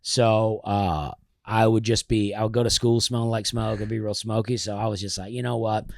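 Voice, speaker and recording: A man's voice: on the low side, steady tone, moderate pace, no echo, studio quality. A man in a casual interview, telling rambling stories full of restarts and asides. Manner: rambling, self-interrupting storyteller. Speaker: comedian guest.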